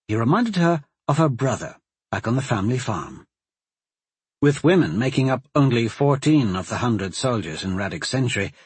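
A man reading a fantasy audiobook as narrator, in an expressive storytelling manner. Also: fairly low pitch, slightly rough, no echo. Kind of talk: scripted narration.

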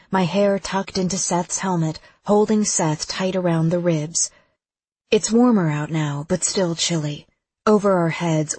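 A woman's voice: lowish voice, darkish tone, slightly rough, no echo. A woman narrating a first-person audiobook with urgent, vivid storytelling.

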